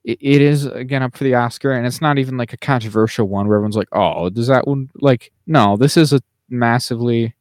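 This podcast co-host has a mid-range voice with fairly even intonation, and he speaks quickly with few pauses. He chats casually, meandering through plenty of fillers and restarts. The studio sound is clean, with no audible room.

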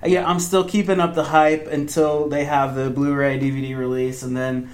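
A young man telling an excited story on a podcast, acting out quotes in a higher voice. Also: normal speed. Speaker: fan event organizer. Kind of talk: casual podcast chat.

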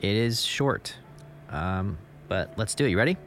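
A man's voice: lowish voice, lively intonation, measured pace, a bit bright, slight background noise. A man co-hosting a podcast in casual chat, talking in an easygoing and agreeable way. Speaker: podcast co-host.

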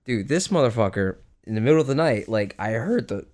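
A man's voice: mid-range voice, expressive, brisk, darkish tone. A young man telling a story in casual, profane chat, rambling with lots of fillers, a bit out of breath. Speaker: podcast co-host.

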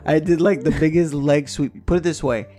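A man co-hosting a podcast, telling a profane, animated story in casual chat and acting out the voices. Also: a little high, normal speed, over loud music. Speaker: podcast co-host.

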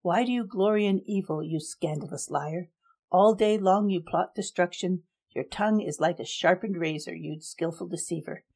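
A woman voicing a cold young male emperor who speaks in measured, formal decrees in a storybook reading. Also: fairly low pitch, darkish tone, slightly rough.

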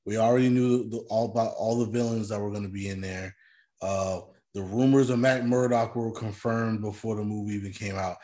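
A man co-hosting a casual movie discussion, speaking in a measured, hesitant way, often restarting his phrases. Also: fairly low pitch, fairly even intonation, dark tone. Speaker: podcast co-host.

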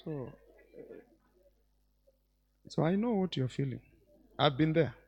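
Animated gravelly-voiced male preacher. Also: fairly high pitch, slow pace, dull audio. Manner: animated preacher, mixes shouts with quiet asides. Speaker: bishop preaching. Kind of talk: sermon. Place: church.

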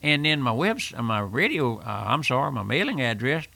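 A man's voice: mid-range voice, big pitch swings, moderate pace, creaky, bright, forceful tone, no room sound. Older man, radio preacher, fervent sermon, dry close sound. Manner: fervent, repeats phrases, addresses listener as "my friend".

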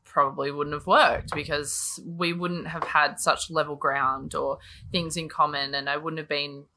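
A woman's voice: low-pitched, level tone, measured pace, sharp tone, a little hiss or hum. A woman chatting candidly, swearing freely and filling her talk with likes and ums. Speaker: guest sharing her story. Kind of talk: casual chat.

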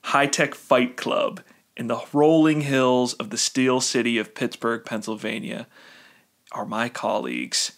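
Young man, podcast host, bright voice, jokey, loose and rambling. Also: medium pitch, lively intonation, a little slow. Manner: joking, laughs often, loose and rambling. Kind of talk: casual podcast chat.

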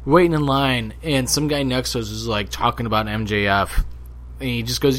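A young man co-hosting a podcast, telling stories in casual chat, animated and profane. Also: medium pitch, moderate pace. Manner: animated, profane, acts out quotes in a loud snarl. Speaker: podcast co-host.

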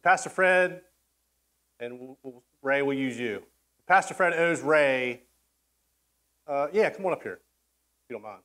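A man's voice: medium pitch, lively intonation, measured pace, pauses often, fairly bright tone. A man preaching a sermon in a casual, conversational way, acting out quoted voices and often restarting his sentences. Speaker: pastor.

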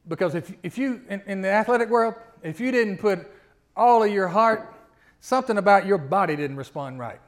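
High-voiced preaching man. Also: expressive, normal speed. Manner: conversational preaching, rising to loud emphatic peaks, frequent rhetorical questions. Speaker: pastor. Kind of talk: sermon.

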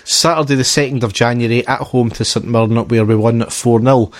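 A Scottish man in the host's chair of a casual football podcast, fighting off a cold. His voice is croaky and his chat is easy and self-mocking, broken up by a laugh. His pitch sits in the middle range. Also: fairly even intonation, fairly quick, no echo. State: ill, coughing and croaky. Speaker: podcast host.

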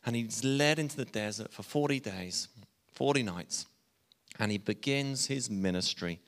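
A man's voice: mid-range voice, normal speed. A man preaching a sermon as pastor, talking conversationally with asides and restarts. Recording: long reverb of a church hall.

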